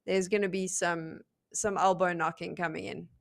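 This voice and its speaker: A woman's voice: fairly low pitch, level tone, moderate pace, vocal fry. A woman casting an esports match, mixing analysis with chatty, self-deprecating banter. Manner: chatty, self-deprecating, laughs at her own slips. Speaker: esports caster. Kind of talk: play-by-play and analysis commentary.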